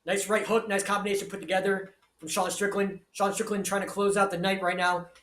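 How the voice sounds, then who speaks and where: High-voiced man calling a fight, foul-mouthed. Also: flat delivery, a little fast, roomy sound. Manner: crude, loud, hyped, swears constantly. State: shouting with excitement. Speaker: live stream commentator. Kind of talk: profane live fight commentary and chat reading.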